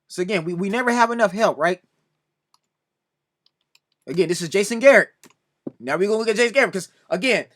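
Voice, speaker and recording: A man talks through a sports reaction video in a high voice, arguing straight at another commentator. His tone is bright and forceful, and he keeps pleading with exasperation as he makes his case. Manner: exasperated, repeatedly pleading "come on now"; addresses another commentator directly.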